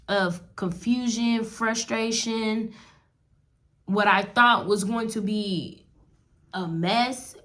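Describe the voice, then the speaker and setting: A woman telling viewers about her wedding in a casual testimony vlog. She talks straight to them in an animated way. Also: medium pitch. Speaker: wedding advice vlogger.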